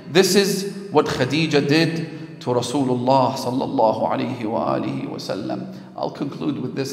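A man giving a religious lecture as a sermon, telling stories with passion and building to emphatic peaks. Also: mid-range voice. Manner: impassioned storytelling, rising to emphatic peaks. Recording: echoey hall with long reverb.

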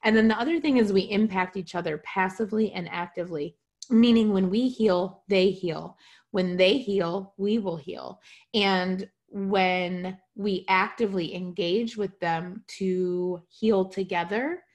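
A woman leads a spiritual class on a video call, speaking informally, frequently checking on her audience, and poking gentle fun at herself. She speaks at a medium pitch.

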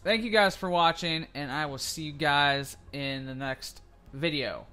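A young man commentating his own shooter gameplay, excitable and swearing a lot, yelling when he wins. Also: on the high side, measured pace, smooth, soft background music. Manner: excitable, swears constantly, yells when winning. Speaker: gaming video creator. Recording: loud game gunfire behind voice. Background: shooter game gunfire and effects.

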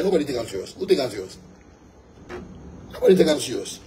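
A man's voice: mid-range voice, sing-song, fast talker, long pauses, darkish tone, slight background noise, low-quality recording. A young Ghanaian man, a musician, delivering a fiery, emphatic monologue to his fans, repeating his points and slipping into pidgin.

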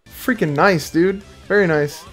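A man commenting live on his fighting game matches in an unhurried way. He bursts into excited reactions and mutters to himself, with faint game music playing in the background. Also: high-pitched. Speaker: gameplay video creator.

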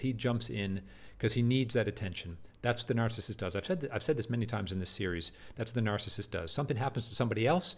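Brief: man with a lowish voice, casual lecturer, emphatic, stumbles and repeats words. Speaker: teacher of Shakespeare.

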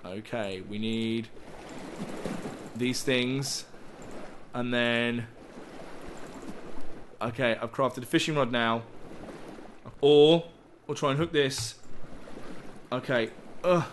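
A man's voice: mid-range voice, slow, pauses often, slight background noise. A man commentating a survival game as he plays, rambling and joking, swearing freely and yelping when startled. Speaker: gaming YouTuber. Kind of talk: let's play commentary.

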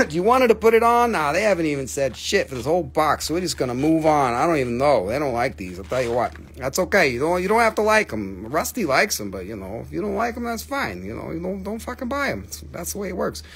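Male host of a live rock sale; rambling, jokey and profane, slightly high-pitched. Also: very animated, fairly quick, vocal fry, fairly bright tone, husky. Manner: forgetful, filler-heavy. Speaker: host selling rocks on a live stream. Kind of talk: casual live sales chat.

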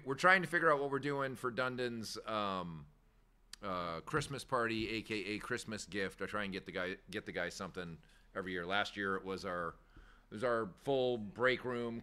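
Casual male host, lowish and bright-toned, rambling and candid, swears freely. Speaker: shop owner hosting a weekly chat show. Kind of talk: casual chat.

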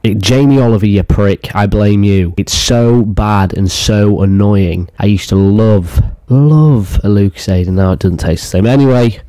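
A man's voice: lowish voice, normal speed, warm tone, dry recording. A young man from the UK, giving a comedic, mock-outraged rant full of swearing. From United Kingdom. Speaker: YouTuber.

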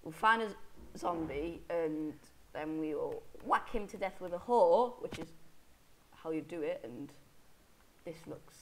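A woman talks through her survival game with hiccups she can't shake. Her voice sits a little low, and she chatters on, mocking herself and chatting to the animals she meets. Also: lively intonation, a little slow, a little hiss or hum, low-quality recording. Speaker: Minecraft let's player. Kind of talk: casual gameplay commentary.

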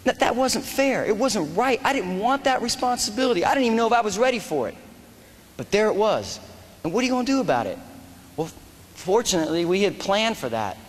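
An animated, high-voiced man, a motivational speaker and army veteran, gives a storytelling speech a little fast. He acts out dialogue and shouts quoted lines, in a reverberant hall with faint noise.

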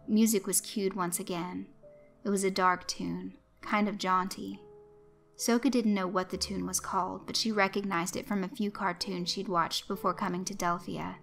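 A woman narrating a story in a steady, even storytelling manner. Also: mid-range voice, moderate pace, vocal fry, faint music behind.

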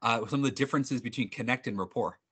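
Bright, upbeat male sales trainer. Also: mid-range voice, quick pace, breathy edge. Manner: upbeat, animated, jokey, with frequent restarts. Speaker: sales trainer presenting a webinar. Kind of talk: energetic workshop presenting. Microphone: video call.

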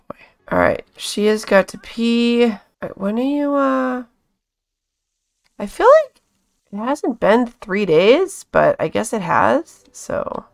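A woman's voice: mid-range voice, gravelly. A woman hosting a casual let's-play, chatting along and coaxing her characters with pet names. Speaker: gaming channel host.

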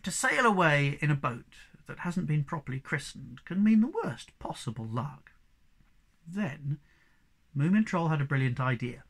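A reader narrating a children's book aloud in an expressive, varied storytelling manner. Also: mid-range voice, normal speed, slightly rough.

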